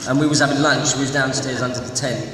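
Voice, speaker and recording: A man's voice: mid-range voice, little pitch movement, fast. A man recounts a set story, stumbling and restarting. He sounds far away, in a reverberant hall with noise behind. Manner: rambling, restarting. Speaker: cast member interviewee. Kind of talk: anecdote.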